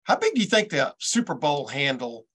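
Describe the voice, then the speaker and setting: A man's voice: fairly high pitch, sing-song, normal speed, a bit bright, breathy edge. A man hosting a casual interview, asking questions with stammers and hesitations. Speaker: host.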